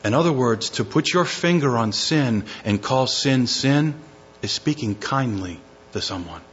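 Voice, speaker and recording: A man's voice: mid-range voice, a little slow. A man preaching a sermon, reading scripture and acting out quotes with dramatic shifts in his voice. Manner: animated preaching, dramatic voicing of quotes, rising to near shouts. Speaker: pastor. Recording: muffled lo-fi recording.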